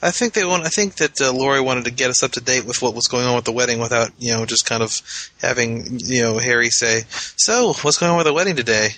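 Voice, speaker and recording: A man's voice: mid-range voice, fairly even intonation, quick pace, bright, forceful tone, low-quality recording. A man on a casual podcast who explains his views thoughtfully, with some hesitation.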